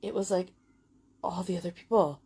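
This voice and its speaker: A woman's voice: lowish voice, moderate pace, warm tone, breathy edge. A woman in her forties telling a story in a chatty, casual way, full of fillers and swearing. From United Kingdom. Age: 40s. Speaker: vlogger.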